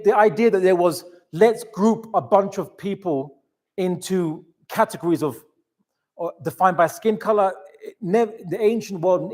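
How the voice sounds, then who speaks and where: Male lecturer, lightly raised pitch, chatty and animated, lots of asides. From England. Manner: animated, chatty storytelling with many restarts and asides. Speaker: Islamic lecturer. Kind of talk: lecture to a live audience.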